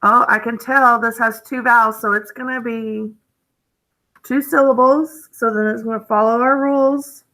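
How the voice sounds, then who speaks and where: A woman's voice: fairly high pitch, fairly even intonation, moderate pace, bright, forceful tone, low-quality recording. A woman teaching a phonics lesson to young children, thinking aloud as she codes words and gasping with delight at each new rule. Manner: encouraging, gasps with delight at new rules.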